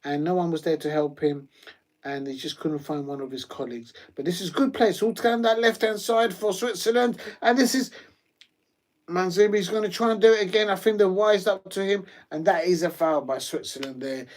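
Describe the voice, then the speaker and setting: A man's voice: high-pitched, normal speed. Chatty man calling football live. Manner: rambling and chatty, full of fillers, bursts of excitement. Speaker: live watch-along host. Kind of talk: live football watch-along commentary.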